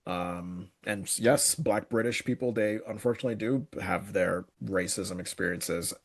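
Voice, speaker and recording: A man's voice: lowish voice, moderate pace, gravelly, husky. A man from the United States hosting a podcast, asking questions in casual chat, hesitant and full of fillers. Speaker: podcast host.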